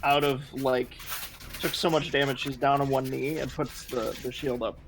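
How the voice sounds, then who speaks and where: A man playing a tabletop game, thinking aloud in halting casual talk. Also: medium pitch, little pitch movement. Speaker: player.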